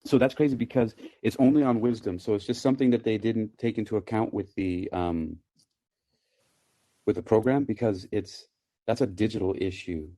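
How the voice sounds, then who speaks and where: A man with a deep, low voice chats casually over his phone's microphone. He sounds relaxed and laid-back, with a playful edge. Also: normal speed. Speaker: host. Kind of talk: casual chat on a live audio app.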